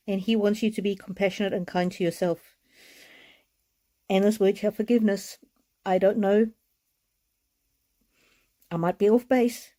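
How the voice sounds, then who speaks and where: With a mid-range voice, a woman gives a live oracle card reading, gentle and heartfelt, repeating her words and sounding tearful.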